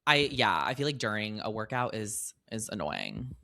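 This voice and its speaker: A woman co-hosts a casual podcast chat, playful and quick to agree. Her voice sits very low yet swings around a lot in pitch. The tone is bright and forward. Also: sing-song, gravelly. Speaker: podcast co-host.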